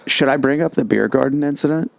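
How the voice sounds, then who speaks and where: A man's voice: medium pitch, creaky, no echo. Easygoing man hosting a casual podcast. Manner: easygoing, swears casually, quick to laugh. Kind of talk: casual chat.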